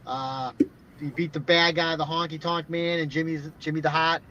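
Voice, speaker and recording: A man's voice: a little high, flat delivery, normal speed, sharp tone, slight background noise. Blunt, profane man telling stories. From Boston area. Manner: blunt, profane storytelling with many "like" fillers. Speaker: podcast co-host. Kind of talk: casual chat. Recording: dull lo-fi sound.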